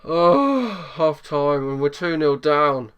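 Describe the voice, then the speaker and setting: A man giving excitable live commentary over a football management game, swinging from low muttering to loud outbursts. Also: slow pace, clean tone, dull audio. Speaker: gaming YouTuber.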